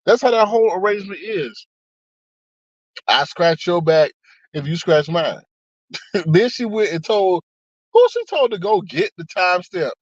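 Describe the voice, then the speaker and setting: A man's voice: high voice, expressive, measured pace, long pauses, no room sound, highs cut off. A man in casual chat on a live stream, reading viewer comments aloud and talking back to them. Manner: chatty, reads comments aloud, frequent laughs and asides.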